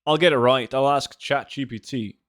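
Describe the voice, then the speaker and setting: A man livestreaming a game talks casually with viewers, cracking jokes, rambling, and reading their chat aloud. His mid-range voice is a bit bright at a normal speed, recorded dry and at studio quality on a desk microphone.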